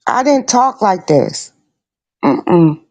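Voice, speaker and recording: A woman's voice: medium pitch, very animated, extremely slow, darkish tone, no room sound. Blunt, profane middle-aged woman host. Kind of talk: casual chat.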